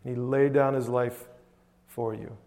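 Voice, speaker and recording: A man preaching a sermon as a pastor, conversational and emphatic, swinging between loud and soft. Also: mid-range voice, steady tone, a little slow, gravelly, in a large hall. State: choked up with emotion.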